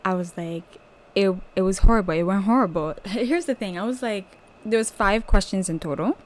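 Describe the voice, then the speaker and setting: A young woman whose first language is French tells a personal testimony on her podcast. She talks casually, leaning on "like" and acting out her own reactions, her voice leaping high in the excited moments. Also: normal speed. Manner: animated storytelling, many "like" fillers, voice jumping up when excited. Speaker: podcast host.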